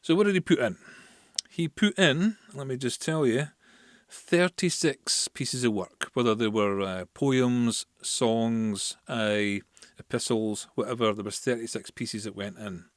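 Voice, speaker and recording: A man's voice: medium pitch, measured pace, no room sound, clean studio sound. Scottish man telling history casually. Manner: chatty, explains with asides and fillers. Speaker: podcast host.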